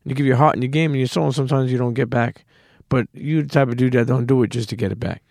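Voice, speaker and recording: Male podcast host, casual street phrasing, supportive, mid pitch, dry studio sound. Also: steady tone, fast, vocal fry, darkish tone, no room sound. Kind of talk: casual interview.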